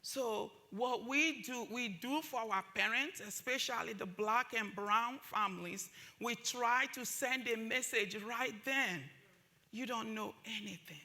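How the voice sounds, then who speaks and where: A woman's voice: a little high, sharp tone. A woman giving an impassioned talk at a summit, driving points home by repeating phrases. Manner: emphatic, repeats phrases for force. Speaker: summit speaker.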